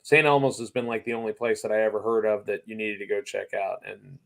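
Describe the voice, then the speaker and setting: A man's voice: fairly low pitch, fast talker, vocal fry. A man telling a long restaurant anecdote in casual chat, rambling and acting out the quotes. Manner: rambling, animated anecdote teller who acts out quotes. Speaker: racing series guest. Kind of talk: casual storytelling.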